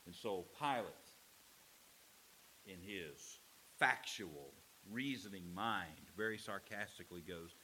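A man preaching a sermon in an animated way, acting out quotes with voices. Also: sits low, slow pace, slight background noise. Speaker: pastor.

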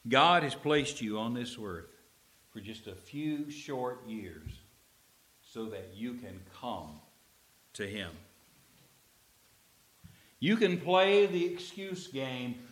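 A man preaching a sermon in a church, mid-range voice. He tells a story with lively swings, dropping to near-murmured asides, then pressing key lines out loud and slow. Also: mid-range voice. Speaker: pastor.

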